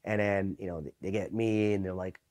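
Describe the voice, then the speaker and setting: A man's voice: sits low, steady tone, a little fast, a little mellow. A man from East Los Angeles, a Marine veteran, telling stories in a casual, profane interview, loose and full of "you know" and "right?".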